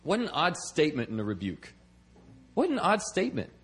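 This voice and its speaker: A man with a fairly high voice delivers a conversational sermon to his congregation. He keeps checking in with a quick "okay?" and doubles back on his words as he goes. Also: wildly swooping pitch, fairly bright tone, slightly rough. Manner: repeats words as he restarts. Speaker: preacher and missionary.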